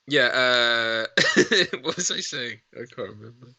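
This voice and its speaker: Bright-voiced man riffing. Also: mid-range voice, lively intonation, measured pace, dry recording. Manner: playful, riffing jokes, laughing. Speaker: actor, co-host of a film watch party. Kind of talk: casual watch-along banter.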